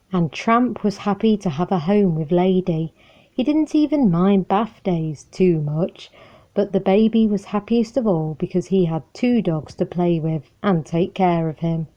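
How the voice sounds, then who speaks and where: A woman reading a children's storybook aloud in a calm, measured and friendly way. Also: fairly low pitch. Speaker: storybook reader. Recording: muffled lo-fi recording.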